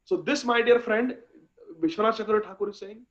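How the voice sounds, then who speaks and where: A man giving a devotional scripture lecture, chanting verses slowly and speaking with fervent emphasis. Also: sits high. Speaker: speaker in a scripture class series. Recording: dull lo-fi recording.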